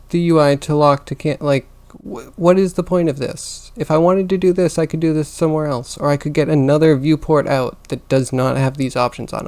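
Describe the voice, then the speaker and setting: A man's voice: on the high side, vocal fry, darkish tone. A man livestreaming as he works on a computer, venting his frustration aloud to his viewers in casual chat.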